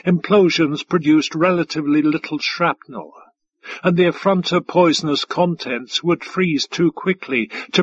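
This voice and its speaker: Man reading a sci-fi audiobook, kinda husky, muffled dull sound. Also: fairly high pitch. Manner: measured, even storytelling. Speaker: audiobook narrator. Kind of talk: scripted narration.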